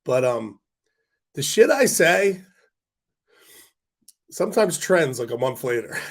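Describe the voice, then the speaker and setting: Hoarse, congested man ranting on a livestream. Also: fairly high pitch, very animated. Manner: blunt, ranting, quick asides to viewers. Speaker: stock market livestream host. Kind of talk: casual livestream talk to chat.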